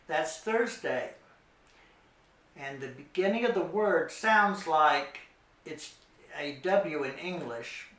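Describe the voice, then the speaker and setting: A middle-aged man giving a slow, patient Spanish lesson for children, repeating each word carefully. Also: fairly high pitch, expressive, a bit bright, reverberant. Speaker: Spanish teacher.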